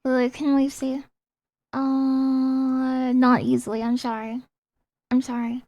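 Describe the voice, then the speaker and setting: A woman streaming a game in casual live chat, excitable, often reading chat aloud and apologizing. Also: high voice, slow, no room sound. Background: faint game music.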